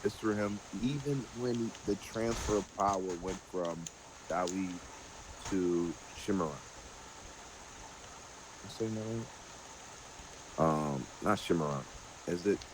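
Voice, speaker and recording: Man, low voice, casual Bible study host, animated, noisy background. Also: takes it slowly, pauses often. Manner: animated, draws everyday parallels, many fillers.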